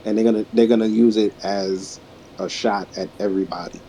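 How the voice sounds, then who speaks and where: A man with a lowish voice speaks calmly in short remarks. A faint hiss sits behind him. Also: fairly quick, poor audio. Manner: calm, brief interjections. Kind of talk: casual chat.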